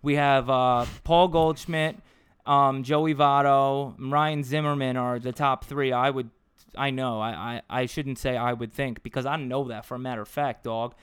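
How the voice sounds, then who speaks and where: A man's voice: mid-range voice, fairly even intonation, normal speed, smooth, dry recording, studio quality. Joking man podcasting casually. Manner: joking, rambling, self-mocking. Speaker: podcast co-host. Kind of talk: casual chat.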